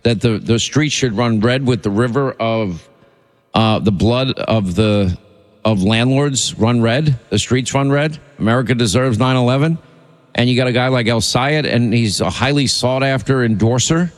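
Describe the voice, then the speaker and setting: A man's voice: mid-range voice, moderate pace, big-room sound. Indignant male talk radio host. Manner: indignant, rambling with restarts. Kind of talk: opinionated talk radio monologue.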